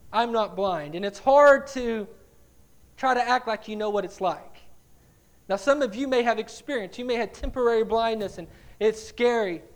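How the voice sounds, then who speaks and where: A man preaching a sermon, telling stories in an animated way, dropping to quiet asides and rising to loud dramatic cries, often repeating words as he builds. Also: extremely high pitch.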